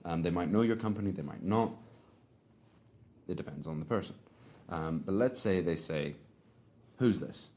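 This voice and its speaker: Deep-voiced casual male sales trainer. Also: normal speed, pauses often, darkish tone. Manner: conversational, frequent tag questions. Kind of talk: casual instructional talk.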